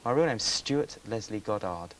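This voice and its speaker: Chatty man with a low voice. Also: animated, moderate pace, low-quality recording. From England. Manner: chatty, rambling, self-interrupting. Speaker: guest. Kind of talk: casual chat. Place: breakfast TV studio. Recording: faint hiss from old VHS tape.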